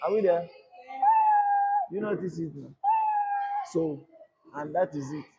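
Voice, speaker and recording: A man's voice: on the high side, measured pace, creaky, mellow, slightly rough, lo-fi sound. A man teaching a screen-recorded coding lesson, often asking a question and answering it himself. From Nigeria. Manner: repetitive call-and-response teaching, asks "what?" and answers himself. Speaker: coding instructor.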